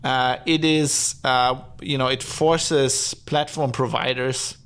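A man hosting a live-streamed podcast, his voice sitting at an ordinary middle pitch with a gravelly edge. He rambles sardonically, full of fillers and restarts. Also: fairly even intonation, takes it slowly, fairly bright tone. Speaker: podcast host. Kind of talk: casual solo podcast talk. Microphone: podcast mic, streamed live.

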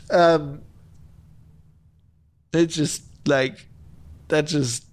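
A man's voice: a little high, steady tone, extremely slow, pauses often. A man hosting a podcast, talking alone in a heated, profane rant, often restarting and repeating himself as he gets worked up. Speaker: podcast host. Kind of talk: solo podcast commentary rant.

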